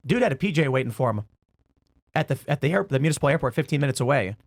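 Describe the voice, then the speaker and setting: Fast-talking man telling a story. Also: mid-range voice, no room sound, studio quality. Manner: animated storytelling with quick asides. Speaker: podcast guest. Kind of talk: casual podcast chat.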